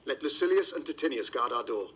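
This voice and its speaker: An actor playing Brutus, a calm, stern Roman general, in an audio recording of a play. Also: male voice, mid-range voice, quick pace, noisy background, close to an everyday voice. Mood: calm, firm.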